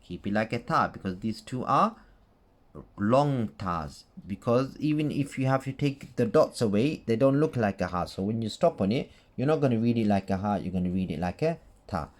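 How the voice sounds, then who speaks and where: A man's voice: fairly low pitch, animated, moderate pace. A man teaching Quran recitation rules in a casual tutorial, patient, repeating points and checking in with "okay?" and "right?".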